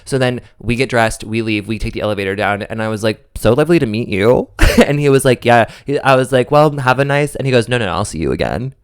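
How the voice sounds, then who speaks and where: A young man co-hosting a podcast, telling a long story in a campy, animated way and often acting out quoted voices. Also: mid-range voice, fast talker, hardly any pauses, smooth, no echo, clean studio sound. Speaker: podcast co-host. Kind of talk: casual chat, storytelling.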